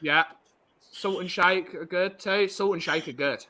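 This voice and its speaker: A man's voice: high-pitched, measured pace, bright, forceful tone. A man in a casual chat, playful and joking.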